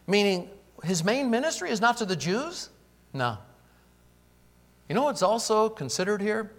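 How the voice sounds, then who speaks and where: A male pastor preaches with a high, expressive voice. He climbs to loud exclamations, then drops to near-hushed asides, and acts out the characters he quotes along the way. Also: moderate pace, pauses often. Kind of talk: sermon.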